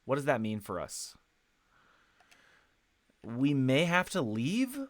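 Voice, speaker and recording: This streamer's mid-range voice is sing-song and slow, with no echo. Wearing a headset, he chats loosely with viewers about his gameplay, rambling, correcting himself, and dropping in lots of fillers.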